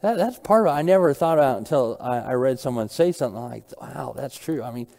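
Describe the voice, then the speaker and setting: A man's voice: medium pitch, lively intonation, fast, a little mellow, in a large hall. A man preaching a Bible study sermon. He asks his listeners questions, repeats key phrases and reads verses aloud.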